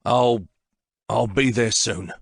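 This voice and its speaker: A man's voice: medium pitch, slow, creaky, slightly rough, no echo, full character voice. A man voicing a frightened father in an audiobook, with a choked, tearful voice. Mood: scared.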